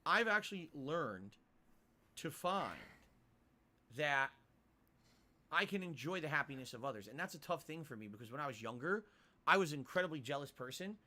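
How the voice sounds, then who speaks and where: A man chats casually on his game livestream, his voice sitting a little high and bright. His delivery is animated and swoops around a lot, and he breaks off now and then to coo at his cat. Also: normal speed, long pauses. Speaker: game streamer.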